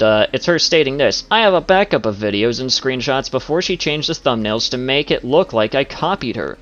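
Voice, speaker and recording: A man's voice: mid-range voice, fairly bright tone. A man ranting in a commentary video, swearing often and filling his talk with "like" and "you know.". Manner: profane, filler-heavy with many "like"s. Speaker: commentary YouTuber. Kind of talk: rambling commentary rant. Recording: dull lo-fi audio.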